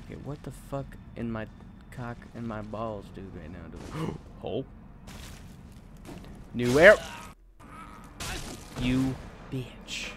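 A young man streaming a video game, commentating loudly as he swears at being lost. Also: on the low side, expressive, moderate pace, background noise. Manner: loud, swearing and frustrated with the game. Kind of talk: live gameplay commentary.

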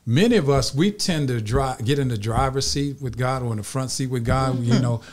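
A man's voice: medium pitch, a little fast. A man hosting a faith-based talk show, preacherly, asking questions to his guests and audience. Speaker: host.

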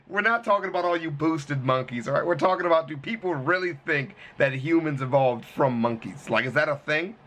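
Reaction host, man, profane and loud, lively pitch, bright tone. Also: a little fast, slight background noise. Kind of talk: casual commentary. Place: hot room at home.

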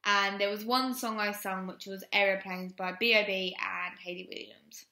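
A woman's voice: mid-range voice, fairly even intonation, normal speed, vocal fry, pushed and bright. A young woman, frankly telling a personal story on her vlog and rambling with many "um"s. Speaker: vlogger. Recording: roomy echo.

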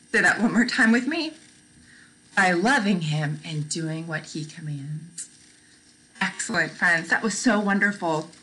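Slow, encouraging woman teaching toddlers. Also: on the low side, a bit bright, rough recording. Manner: encouraging, repeats questions and praises often. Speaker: children's teacher. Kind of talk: slow, gentle toddler Bible lesson.

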